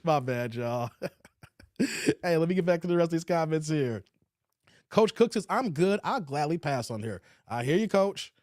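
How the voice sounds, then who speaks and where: A man's voice: a little high, expressive, moderate pace, darkish tone, dry recording, studio quality. A man hosting a livestream in casual chat, reading viewer comments aloud in a laid-back, slangy way. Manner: laid-back and slangy, often ends lines with "man" and "y'all". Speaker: livestream host. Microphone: streaming setup.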